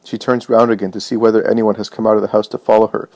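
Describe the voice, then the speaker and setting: Brief: male reader, low voice, measured pace, religious storybook narration. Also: flat delivery, darkish tone.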